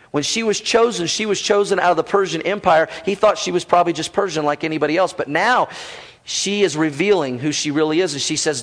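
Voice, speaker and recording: A man preaching a sermon with a fairly high voice for a man. He teaches in a relaxed, conversational way and slips in jokes. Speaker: pastor.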